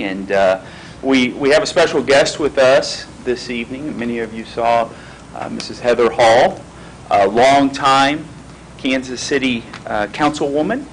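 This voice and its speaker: A man at a school board meeting introducing a guest speaker, halting with frequent fillers. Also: medium pitch, a little hiss or hum, rough recording. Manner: halting, many fillers and restarts. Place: meeting room.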